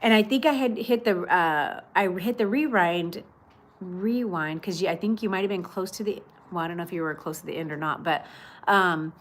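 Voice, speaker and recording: With slight background noise, a woman with a lowish voice chats at a moderate pace while hosting a casual livestream outdoors on her home patio. Warm greetings, viewer comments read aloud, and frequent fillers fill her chatty stream.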